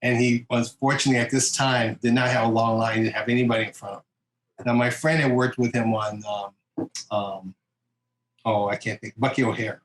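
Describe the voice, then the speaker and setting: A man telling stories in a relaxed interview, acting out others' voices and laughing often. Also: medium pitch, brisk. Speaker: interview guest, comic artist. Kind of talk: casual storytelling interview. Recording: roomy echo, faint background noise.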